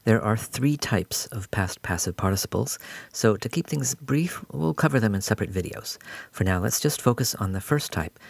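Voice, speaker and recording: A man's voice: on the low side, vocal fry, dry recording. A man giving a patient, explanatory recorded grammar lesson as a language teacher.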